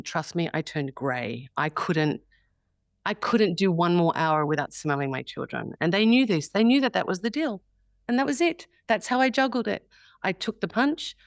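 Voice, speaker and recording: An Australian woman in her forties, an actress telling stories in an interview, animated and expressive. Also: fairly low pitch, creaky, no echo, clean studio sound. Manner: animated, expressive, acts out quoted voices. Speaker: actress guest. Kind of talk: candid interview storytelling.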